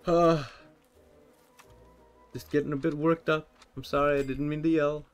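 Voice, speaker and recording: A young man commenting on a survival game as he plays, rambling and joking with sudden yelled outbursts. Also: a little high, little pitch movement, a little slow, smooth, faint music behind. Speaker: gameplay commentator. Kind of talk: let's play commentary.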